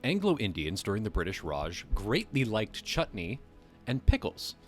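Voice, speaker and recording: A man's voice: fairly low pitch, huge pitch swings, unhurried, faint music behind. A man hosting a live stream, reading a text aloud and breaking off into joking, casually profane asides to his chat. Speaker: livestream host.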